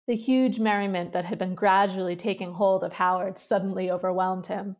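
A woman reads a literary short story aloud at a measured, even pace. Her voice sits in a middle register with a noticeable gravelly fry. Her narration stays steady and clear. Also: mid-range voice. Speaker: reader. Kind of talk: literary reading.

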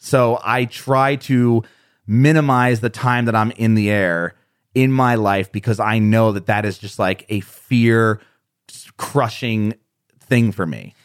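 A man's voice: fairly low pitch, takes it slowly, clean tone, no echo, clean studio sound. A man as an interview guest, rambling and self-deprecating with frequent restarts. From United States. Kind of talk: conversational interview.

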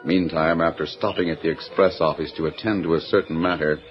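A man giving measured, scripted narration for a 1940s radio drama broadcast. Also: rumbling low, fairly even intonation, lo-fi sound, soft background music. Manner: measured storytelling.

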